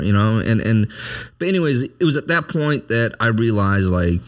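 Profane, candid low-voiced man. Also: normal speed. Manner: profane, animated, repeats "you know what I mean". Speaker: service member telling his story. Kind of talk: candid conversational storytelling.

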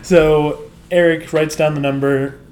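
A man co-hosting a casual chat that recaps a TV episode, animated and quick to laugh, acting out the characters' lines. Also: on the high side, a little hiss or hum. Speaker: podcast co-host.

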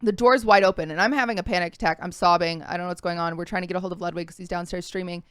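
Smooth-voiced young woman telling a story. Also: on the low side, steady tone, rapid-fire, fairly bright tone, dry recording, clean studio sound. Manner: earnest, vivid retelling with frequent "like" fillers. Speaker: podcast co-host. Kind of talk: casual podcast storytelling.

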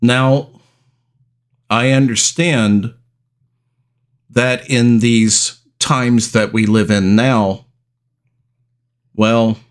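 A middle-aged man hosting a podcast, telling a personal story in a slow, deliberate way with long pauses. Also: mid-range voice. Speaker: podcast host.

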